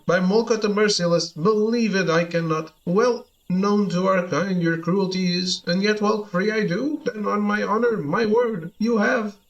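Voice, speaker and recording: A man's voice: high-pitched, gravelly, a bit bright, exaggerated voice, low-quality recording. A man voicing a cowardly bird-man creature who talks in backwards word order and squawks while pleading for his life. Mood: relieved. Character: cowardly male bird-man beast, fawning and sly. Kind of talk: reading game dialogue aloud.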